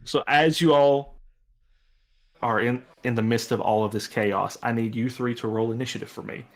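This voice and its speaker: A man running a tabletop game narrates scenes at a moderate pace in a medium-pitched voice, keeping things relaxed and rambling with frequent fillers.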